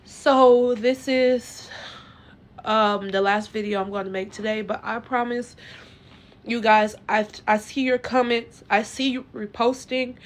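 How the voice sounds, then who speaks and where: Earnest, halting woman vlogger, higher voice. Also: a bit bright. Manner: halting, rambling, many "like" fillers and restarts; earnest and emotional. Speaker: vlogger telling her own story. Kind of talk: casual personal storytelling to viewers.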